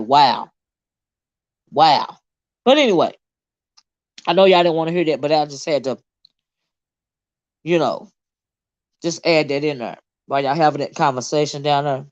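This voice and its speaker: Woman, livestream host, indignant rant, swears a lot, very expressive pitch, lo-fi sound. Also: no room sound. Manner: animated, indignant, swears freely, reads chat aloud. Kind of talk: casual livestream chat.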